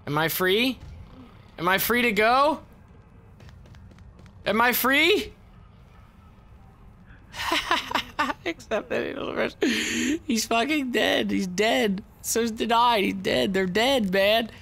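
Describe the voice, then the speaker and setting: A young man's let's-play commentary is slow and creaky, with frequent pauses. As a gaming YouTuber he is profane and excitable, shifting between low growls of taunting and shrieks.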